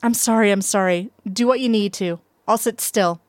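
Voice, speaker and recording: A woman's voice: mid-range voice, moderate pace, no room sound, studio quality, lightly acted. A woman voicing a playful grown man in a read-aloud story, teasing and joking.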